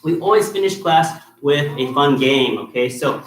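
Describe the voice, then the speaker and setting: A man's voice: a little high, moderate pace, a bit bright. A man teaching a kids' martial arts class, firm and encouraging, checking in with "okay?" after nearly every point. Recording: echoey room with faint noise.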